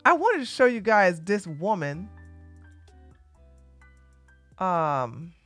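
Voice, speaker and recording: A woman hosting a livestream, talking to viewers in a blunt, emphatic and preachy way that swings from loud to quiet. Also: lowish voice, big pitch swings, measured pace, soft background music. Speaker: livestream host. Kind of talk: casual livestream chat.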